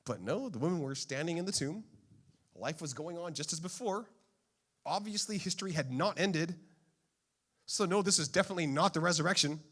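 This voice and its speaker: Playful guy pastor preaching, voice jumps all over, fairly high. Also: a little fast. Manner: playful, animated storytelling. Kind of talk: sermon.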